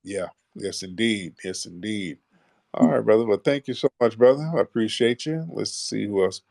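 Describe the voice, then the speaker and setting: A man's voice: lowish voice, normal speed, vocal fry, a little mellow, no room sound, studio quality. A man hosting a live call-in show, talking bluntly in heavy slang and pushing back hard at callers. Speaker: host of a call-in audio show.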